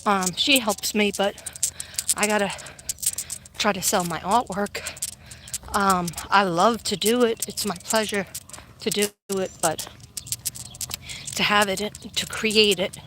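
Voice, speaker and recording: A woman's voice: mid-range voice, steady tone, takes it slowly, long pauses, fairly bright tone, slight background noise. A middle-aged woman chatting casually on a live stream while out on a walk, rambling and reading viewer comments aloud. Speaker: psychic vlogger. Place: outdoors on a walk.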